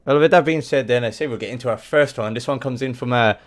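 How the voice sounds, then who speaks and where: A man's voice: medium pitch, fast. A man with an Irish accent hosting a casual podcast chat, loose and rambling, swearing freely. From Ireland. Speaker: podcast host.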